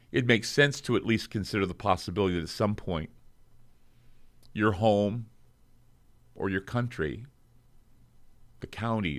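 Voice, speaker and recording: A man's voice: low-pitched, fairly bright tone. A middle-aged American man hosting his show, speaking in an emotional monologue to viewers, choking up as he talks, earnest and heartfelt. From United States. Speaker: radio show host.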